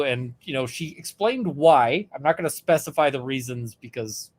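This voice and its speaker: A male lawyer with a mid-range voice at normal speed co-hosts a casual podcast and recounts a courtroom story. The telling is animated, with quoted voices and many fillers.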